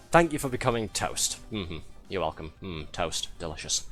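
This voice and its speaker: A man's voice: low-pitched, a bit bright. A man giving live gameplay commentary as a streamer, wry and sarcastic, laughing often at his own game.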